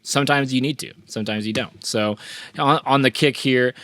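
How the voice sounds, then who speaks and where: A man hosting a relaxed mixing tutorial, talking through his plugin settings with frequent restarts and fillers. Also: medium pitch, moderate pace, no echo. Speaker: mixing engineer and tutorial host. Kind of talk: casual screen-share mixing walkthrough.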